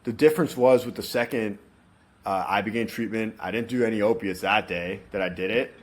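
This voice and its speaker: A man's voice: lowish voice, brisk. A man telling his story as an interview guest, frank and rambling, swearing freely as he goes.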